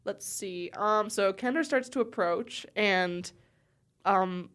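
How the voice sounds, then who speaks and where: A woman's voice: medium pitch, slow. A woman co-hosting a book-discussion podcast, chatting casually and reading passages aloud with expression. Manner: animated reader, puts expression into quoted dialogue. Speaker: podcast co-host.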